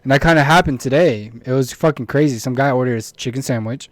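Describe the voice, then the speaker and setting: A man's voice: mid-range voice, fast, no echo. Young man swearing through casual chat. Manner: animated, swears a lot, blunt. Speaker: podcast co-host.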